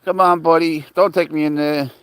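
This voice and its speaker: A man's voice: a little high, fairly even intonation, moderate pace, a bit bright, clear, resonant tone, voice pushed up, lightly acted. A man voicing his pet cat as a spoiled, whiny animal begging not to be taken somewhere. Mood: pleading. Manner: whiny, pleading.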